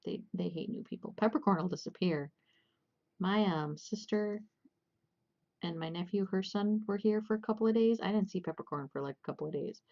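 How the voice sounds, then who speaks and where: A woman's voice: medium pitch, brisk, gravelly, dull audio. A young woman casually chatting and rambling with lots of fillers and restarts while hosting a crochet livestream.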